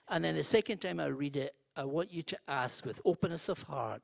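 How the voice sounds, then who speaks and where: Middle-aged guy preaching, kinda high voice, gentle and halting, sinks almost to a whisper. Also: animated, vocal fry, no room sound. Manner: gentle, hesitant, drops to near whisper. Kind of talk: sermon.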